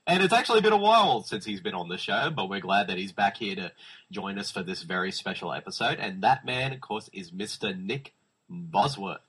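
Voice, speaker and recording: Casting: Australian male podcast host, low husky voice, lively pitch, jokey. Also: a little fast, low-quality recording. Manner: laughing, joking, introduces guests. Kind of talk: casual chat.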